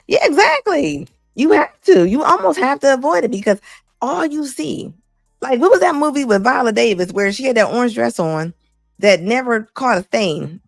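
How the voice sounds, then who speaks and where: Blunt gravelly woman commentator. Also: fairly high pitch, very animated, normal speed, no echo, studio quality, faint music behind. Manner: blunt, emphatic, repeats lines for effect. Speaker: commentary host. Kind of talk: casual reaction commentary.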